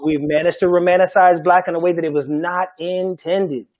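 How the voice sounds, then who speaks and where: A middle-aged man from Charleston, a Gullah language teacher, speaking emphatically in an animated panel talk and laughing often. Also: high-pitched, normal speed, muffled recording. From Charleston, South Carolina.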